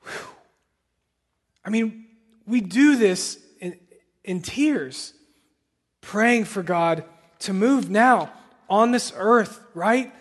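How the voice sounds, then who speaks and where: A man delivers a sermon in a church, earnest and at times impassioned. His voice sits high for a man and he takes his time. The sound carries the long reverb of a large hall. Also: lively intonation, extremely slow, long pauses, breathy edge. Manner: earnest, rising to impassioned pleading. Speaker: pastor. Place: church sanctuary.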